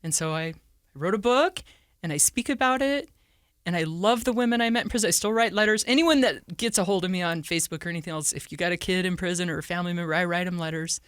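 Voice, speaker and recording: A woman from southern Utah, a podcast guest telling her story in an open, animated way. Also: quick pace, clear, resonant tone, no room sound, studio quality. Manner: animated, acts out quoted speech with big pitch jumps. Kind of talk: candid storytelling.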